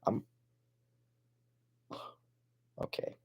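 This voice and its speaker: A man doing an absurd improvised comedy monologue, rambling and stammering, swinging from mumbled asides to excited outbursts. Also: drawn-out words, muffled recording. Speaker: comedic vlogger.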